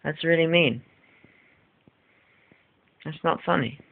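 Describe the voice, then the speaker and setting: A man's voice: on the high side, takes it slowly, gravelly, breathy edge. Whiny rambling teenage boy vlogger. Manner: whiny, rambling, exaggerated complaining. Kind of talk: casual home vlog. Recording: tinny lo-fi with faint hiss.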